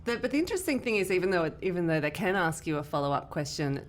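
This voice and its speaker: Low-voiced woman explaining thoughtfully. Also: big pitch swings, racing, a little hiss or hum. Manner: explanatory, thoughtful, with light laughs. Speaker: podcast co-host, English teacher. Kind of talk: casual discussion.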